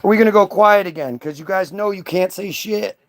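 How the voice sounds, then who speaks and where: Streamer, male, high voice; combative, taunting rant at his chat. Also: a little fast. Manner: mocking, confrontational, profane. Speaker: livestream host. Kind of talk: ranting at commenters.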